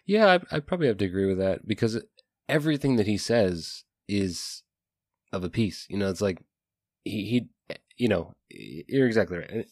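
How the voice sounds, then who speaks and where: A man with a very low voice talks loosely about a book series, leaning on fillers and self-corrections as he searches for words. The sound is dry and close, with no room around it. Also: lively intonation, normal speed, a little mellow, dry recording. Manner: rambling, many fillers and restarts. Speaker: podcast co-host. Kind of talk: casual book discussion.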